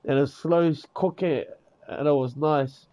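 A man with a New Zealand accent rambles through a loose gaming chat, swearing often and tacking "eh" and "bro" onto his sentences. His voice sits a little high for a man but sounds warm and mellow. It comes through a dull, lo-fi mic. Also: steady tone, unhurried. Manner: rambling, swears freely, peppers talk with "eh" and "bro". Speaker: gamer in voice chat. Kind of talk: casual chat.

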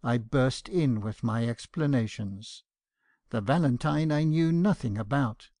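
Gravelly-voiced male audiobook narrator. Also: mid-range voice, a little slow, a little mellow, dry recording, studio quality.

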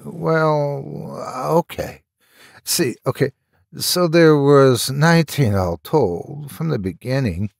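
Twitchy young country killer, man putting him on, rough stammery talk, slow, gravelly. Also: medium pitch, dry recording, studio quality, voice pushed up. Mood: meek.

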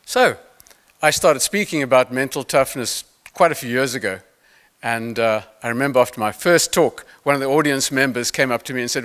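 A man's voice: mid-range voice, brisk. A man giving a keynote talk on mental toughness, telling stories with playful asides to the audience. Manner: animated storytelling with playful asides. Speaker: motivational speaker.

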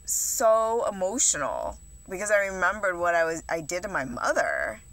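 A young woman vlogger talks in a fairly low, sing-song voice at a normal speed, her tone a little bright. It's confessional eating-vlog chatter, rambling and profane, and she says "like" constantly.

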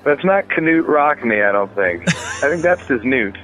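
A man's voice: medium pitch, expressive, measured pace, a bit bright. A man talking casually about his music as an interview guest, rambling with many fillers and restarts. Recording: tinny phone line.

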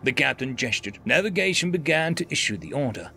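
Gravelly man narrating a sci-fi story. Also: medium pitch, sing-song, a little fast, sharp tone.

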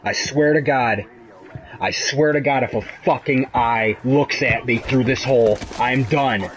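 A young man commenting live on a horror game, jumpy and profane, moving between hushed muttering and high-pitched yelps. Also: measured pace, rough recording. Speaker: gaming host playing a horror game.

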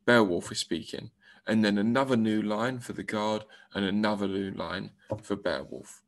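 A man's voice: on the low side, normal speed. A male primary school teacher giving a recorded English lesson, explaining step by step and reading example lines aloud.

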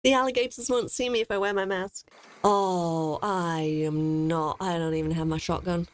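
A young woman streaming a horror game, excitable and easily scared, swearing often as she plays. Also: fairly low pitch, normal speed. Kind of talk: gaming commentary.

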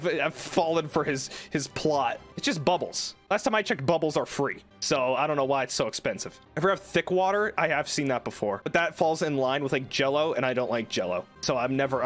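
A young man streamer rambling through an animated, comic rant in casual chat. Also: on the high side, fast, hardly any pauses, faint music behind.

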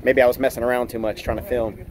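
A man's voice: mid-range voice, little pitch movement, quick pace, a little mellow, slight background noise. A man hosting a fishing vlog, filming with a handheld camera out of doors on a small boat at sea, giving chatty, self-teasing running commentary. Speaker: fishing channel host. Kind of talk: casual on-the-spot vlog narration.

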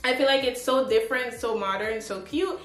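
A woman's voice: on the high side, moderate pace, fairly bright tone, echoey room, soft background music. A woman chatting casually through a clothing try-on haul, upbeat and full of fillers, sometimes out of breath. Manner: chatty, upbeat, lots of "like" and "but yeah". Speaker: fashion vlogger. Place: home room with a tripod. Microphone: camera on a tripod.

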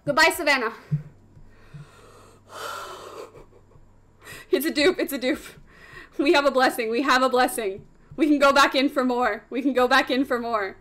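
High, bright, excitable young woman streamer. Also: a little fast. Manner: squealing, repeats phrases over and over. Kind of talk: excited live-stream commentary. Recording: slightly off-sounding stream audio.

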